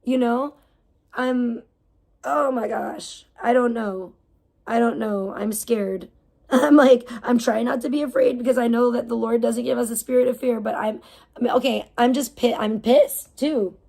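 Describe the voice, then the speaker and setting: A woman's voice: a little high, fairly even intonation, a little slow, creaky, warm tone. A woman livestreaming and reading her chat, ranting casually with heavy swearing, indignant and rambling. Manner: rambling with fillers and restarts.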